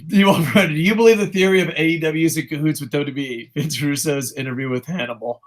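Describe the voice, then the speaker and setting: A young man co-hosting a casual wrestling podcast, ranting in a profane, animated way. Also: a little high, quick pace. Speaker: co-host.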